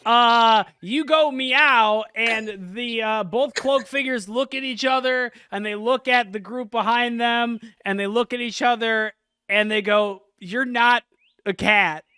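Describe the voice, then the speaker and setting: A man's voice: very high-pitched, fairly even intonation, measured pace, bright, forceful tone, clear, resonant tone, no room sound. A man narrating as game master in a laid-back, chuckling way, with many fillers. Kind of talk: narrating a casual tabletop game.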